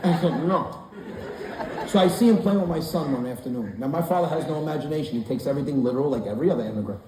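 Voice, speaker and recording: A man's voice: mid-range voice, rapid-fire, mellow, a little hiss or hum. A man in his forties doing a stand-up comedy set before a live audience in a large hall, telling profane stories brashly. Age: 40s. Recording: echoey hall, far-off mic, crowd laughter.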